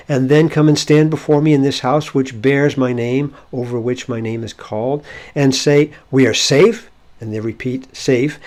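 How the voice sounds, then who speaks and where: Male Bible-language teacher with a gravelly edge, talking through a verse in an unhurried, explanatory way. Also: medium pitch, mellow. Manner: explanatory, thinking aloud with fillers. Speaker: Hebrew teacher.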